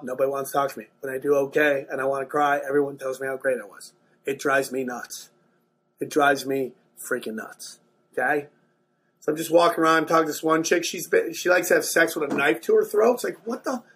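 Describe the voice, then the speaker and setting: Husky stand-up comic man. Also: on the high side. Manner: animated, profane, swings between mumbled asides and loud bursts. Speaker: stand-up comedian. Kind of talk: stand-up storytelling.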